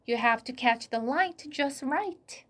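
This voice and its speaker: A woman voicing an eager, bossy and curious young girl in a storybook reading, bright and urgent. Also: sits high, lively intonation, slow, pitched above the performer's own voice, exaggerated voice.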